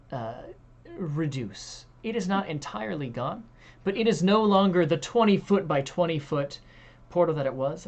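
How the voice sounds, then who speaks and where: Low voiced woman running a tabletop game, slow and deliberate, lots of ums. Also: darkish tone. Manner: measured, deliberate, with hesitations. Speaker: game master.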